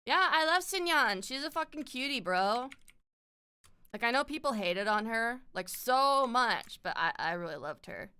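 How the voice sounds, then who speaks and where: A woman's voice: on the high side, animated, unhurried, bright, forceful tone, smooth. A woman streamer chatting casually on a streaming mic, laughing often and swearing freely. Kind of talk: casual chat. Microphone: streaming mic with compressor.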